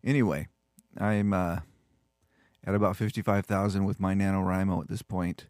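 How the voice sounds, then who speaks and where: A man's voice: sits low, fairly even intonation, normal speed, darkish tone, no echo, clean studio sound. An older man with grandchildren, chatting in an easygoing way before reading his story. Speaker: story contributor. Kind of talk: casual chat.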